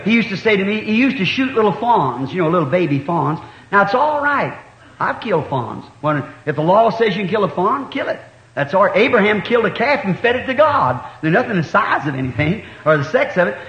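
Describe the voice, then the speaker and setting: A man's voice: high voice, a bit bright. A middle-aged man, preaching a sermon and telling a hunting story in a folksy way, acting out the dialogue. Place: church hall. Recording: dull echoey old church tape.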